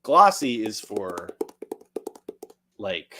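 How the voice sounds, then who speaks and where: American guy hosting a stream, chatty and jokey, pitch bouncing around a lot. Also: drawn-out words, background noise. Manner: lively, joking, chatty. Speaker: livestream host. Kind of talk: casual chat, reading donations.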